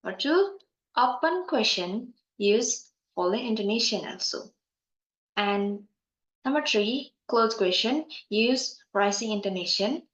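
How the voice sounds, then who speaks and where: Slow, careful young woman. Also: fairly high pitch, expressive, fairly bright tone. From Indonesia. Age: young adult. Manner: slow, careful, with pauses and fillers. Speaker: student presenter. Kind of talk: recorded class presentation. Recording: muffled sound in an echoey room.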